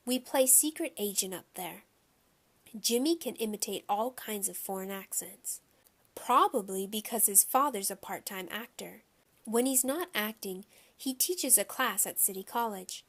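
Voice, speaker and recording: A woman reading a children's novel aloud in a plain, steady storytelling manner. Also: mid-range voice, a little slow. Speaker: audiobook reader.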